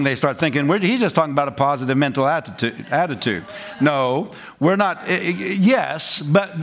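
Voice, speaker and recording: A man preaching a lively sermon in a folksy way, laughing often and acting out voices. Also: sits high. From rural United States. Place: church. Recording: congregation responding.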